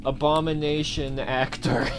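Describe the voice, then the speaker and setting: A man chatting casually about movies, rambling with many filler words. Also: on the high side. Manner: rambling, heavy use of "like" fillers. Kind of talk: casual chat.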